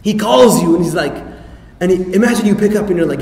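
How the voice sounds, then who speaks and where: High-voiced, fast-talking male lecturer in a hall. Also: vocal fry, a little mellow, slight background noise. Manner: rhetorical questions and playful asides. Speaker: Islamic lecturer. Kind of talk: lively religious talk to an audience. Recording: echoey hall reverb.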